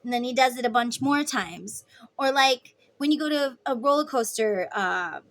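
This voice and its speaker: A woman's voice: on the high side, animated, normal speed, fairly bright tone. A woman giving a casual tarot reading, chatty and rambling with lots of "like"s. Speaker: tarot reader. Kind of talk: casual psychic reading vlog.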